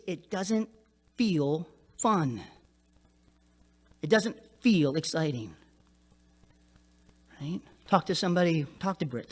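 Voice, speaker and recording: A male pastor preaching a sermon in an animated, conversational way, often checking in with "right?". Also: high voice.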